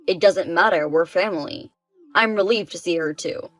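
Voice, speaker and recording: A woman's voice: fairly low pitch, moderate pace, pitched below the performer's own voice, lightly acted, poor audio. Selfish, dismissive husband voiced by a woman, no real vocal change, faint music bed. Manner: dismissive, self-justifying. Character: defensive, selfish husband, man.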